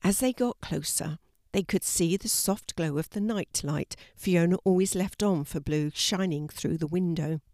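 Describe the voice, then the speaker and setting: Older woman, storyteller, gentle, slightly low voice, dry close sound. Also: no room sound. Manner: slow, gentle storybook reading. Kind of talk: children's story reading.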